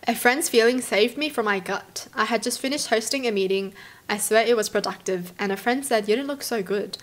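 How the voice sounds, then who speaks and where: A young woman from Australia, hosting and reading stories aloud, then reacting to them with animated exclamations. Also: fairly high pitch, a little fast. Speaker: host.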